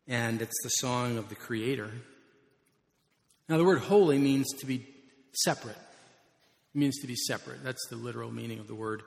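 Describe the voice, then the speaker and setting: A man's voice: medium pitch, normal speed, creaky, pauses often. Emphatic preacher man in a reverberant hall. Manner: emphatic preaching, surging loud on key words. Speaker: pastor. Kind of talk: sermon. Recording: long reverb of a large hall.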